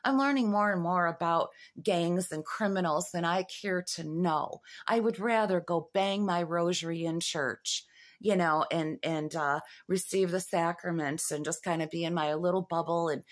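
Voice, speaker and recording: A woman in her fifties talking to camera in a rambling monologue, halting with fillers and restarts and rising into agitated, urgent questions. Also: lowish voice. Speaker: vlogger.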